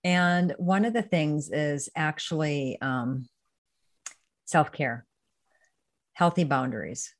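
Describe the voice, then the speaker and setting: Low-voiced woman wellness coach. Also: slow, long pauses. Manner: chatty, earnest storyteller. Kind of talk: casual interview chat.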